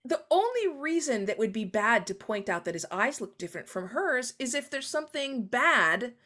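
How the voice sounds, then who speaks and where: A woman guest author talking animatedly in an interview, often acting out quoted voices with sudden high jumps. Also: big pitch swings, normal speed, pushed and bright. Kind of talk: conversational interview.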